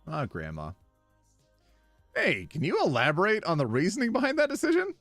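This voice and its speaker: A man's voice: high voice, wildly swooping pitch, normal speed, a bit bright, no echo, soft background music. Playful man reading posts on stream. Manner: playful, laughs easily, wry asides. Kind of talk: casual reading of online posts with commentary.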